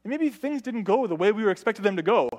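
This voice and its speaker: A man with a high voice preaches a sermon. He talks in a conversational way, keeps asking the listeners "right?", and raises and drops his voice for emphasis. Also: lively intonation, quick pace. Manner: conversational, often asks "right?"; varies pitch and loudness for emphasis.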